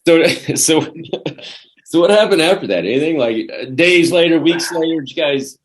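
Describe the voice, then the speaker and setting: A man's voice: on the high side, expressive, moderate pace, slight background noise. A man hosting a casual interview, prodding his guests for stories and laughing often. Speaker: podcast host.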